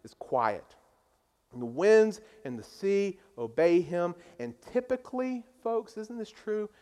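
A man's voice: sits high, a bit bright. A pastor preaching a sermon, emphatic and conversational, asking his listeners rhetorical questions.

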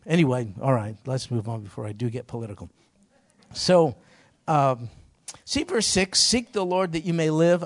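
A middle-aged man preaching a sermon as pastor, emphatic, with sudden rising outbursts. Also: fairly high pitch.

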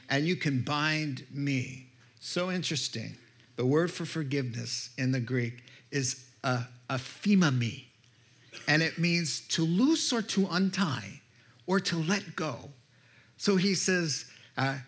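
Male preacher, storytelling sermon, slow and emphatic, slightly high voice. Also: fairly bright tone. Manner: storytelling, emphatic, asks the listeners questions.

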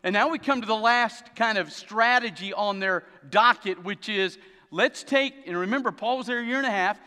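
A man preaching a sermon as pastor, telling stories with an animated, dry humor. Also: high-pitched, moderate pace, smooth. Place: church sanctuary. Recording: long reverb of a church hall.

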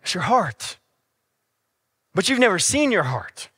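A man's voice: high voice, sing-song, unhurried, a bit bright, slightly rough, dry recording, studio quality. A man preaching a casual, conversational sermon in a church, with everyday stories and acted-out dialogue. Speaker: pastor. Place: church sanctuary.

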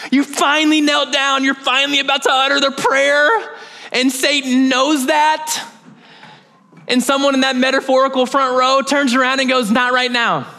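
A young male pastor preaching in a loose, conversational way, full of jokes and asides. His voice sits high, bright and forward. He sounds animated and relaxed. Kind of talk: sermon.

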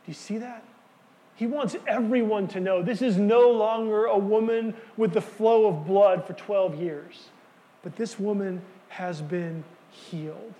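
A man preaching a sermon, earnest and emphatic, dropping to quiet words for key lines. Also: high-pitched, big-room sound. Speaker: pastor.

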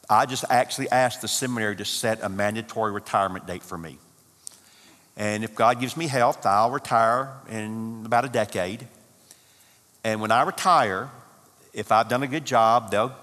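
A man's voice: lowish voice, fairly bright tone. A man in his sixties, a seminary professor, giving a folksy, humorous talk to couples at a marriage conference. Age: 60s. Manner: folksy, humorous, emphatic with repetition. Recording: long hall reverb.

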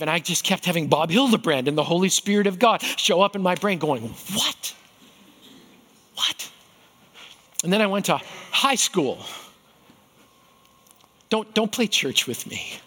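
A middle-aged man preaching a sermon, telling stories with animated delivery and acting out the voices of others. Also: high voice. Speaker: pastor.

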